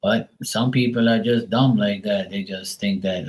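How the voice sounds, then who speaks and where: A middle-aged man talks loosely on his live stream, blunt and full of swearing. His voice sits a little low. He rambles with plenty of fillers and now and then acts out other people's lines in a raised voice. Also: steady tone, unhurried, few pauses, low-quality recording. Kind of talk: casual live-stream chat.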